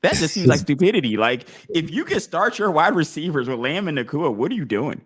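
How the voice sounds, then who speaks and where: A man hosting a casual live stream, talking through his choices out loud and acting out imagined crowd voices. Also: on the high side, very animated, brisk, husky. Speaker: fantasy football league podcast host.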